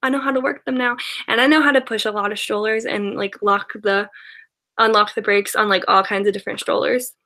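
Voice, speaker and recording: Talking fairly quickly in a bright, forceful, steady voice of medium pitch, this young YouTuber chats casually with her live-stream viewers. She rambles, giggles a lot, and leans heavily on fillers and restarts.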